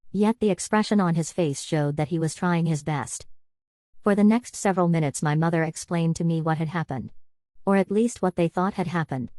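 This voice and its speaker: A woman reading a first-person novel as an audiobook, in an even, measured way. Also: low-pitched, no echo. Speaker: audiobook narrator. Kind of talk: first-person scripted narration.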